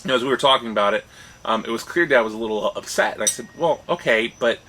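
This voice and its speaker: A man's voice: lowish voice, fairly even intonation, racing, bright, forceful tone, poor audio. A man co-hosting a casual discussion show, talking thoughtfully and often checking in with "right?". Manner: thoughtful, restarts phrases, rising "right?" checks. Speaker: podcast co-host.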